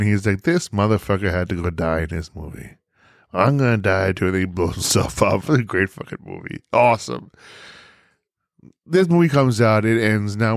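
Male podcast host, low voice, theatrical and profane, dry close recording. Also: a little mellow, dry recording. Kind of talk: casual movie talk.

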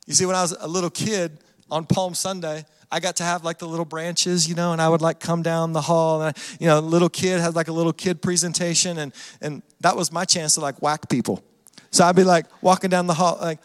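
A man preaching a sermon as a pastor, telling the story in an animated way and acting out the voices of the people in it. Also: a little high, a little fast. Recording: long hall reverb.

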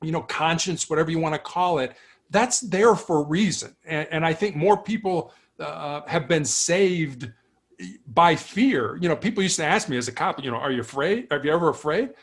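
A man's voice: a little high, moderate pace. A middle-aged man, a former police officer, telling stories earnestly in a conversational interview, often restarting and repeating words. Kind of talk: reflective storytelling in conversation.

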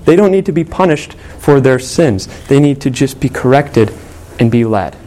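A man's voice: medium pitch, animated, moderate pace, warm tone. Earnest man preaching a sermon. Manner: earnest, conversational storytelling with fillers. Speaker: pastor.

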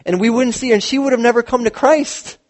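Male pastor, high-pitched, lively sermon storyteller acting out quotes. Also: fast talker. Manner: animated storytelling with acted quotes. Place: church.

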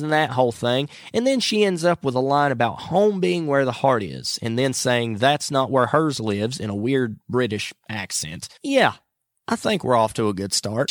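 Brief: a mid-pitched man hosting a podcast, chatty and self-mocking, expressive delivery. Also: no room sound, studio quality. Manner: chatty, self-mocking, earnest when preaching. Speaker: podcast host. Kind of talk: casual chat and devotional talk.

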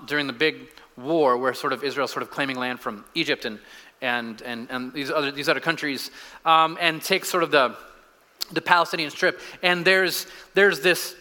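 A man delivers a sermon in a loose, talky way, full of restarts and fillers, and goes hushed when he quotes. His voice sits a touch high and sounds bright and forceful. A long hall reverb trails each phrase, as in a large church hall. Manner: conversational, with frequent restarts and fillers, dropping soft for quotes. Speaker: pastor.

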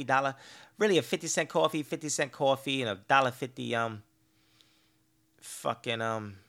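A man hosting a podcast, telling stories in a casual, profane, exasperated rant. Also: mid-range voice. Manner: profane, animated storytelling; petty, exasperated complaining. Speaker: podcast host. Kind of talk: casual ranting monologue.

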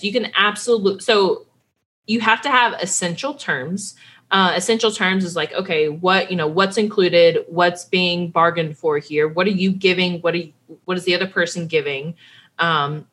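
A woman's voice: lowish voice, a bit bright. A woman in her late twenties, a lawyer guest on a chat show, bubbly and explaining things plainly. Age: 20s. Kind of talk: casual chat.

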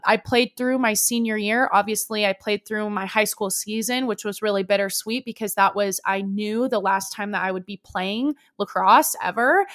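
A woman's voice: mid-range voice, a bit bright. A young woman in her twenties hosting a podcast, candidly telling a personal story in an emotional, unfiltered way and swearing freely. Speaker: podcast host.

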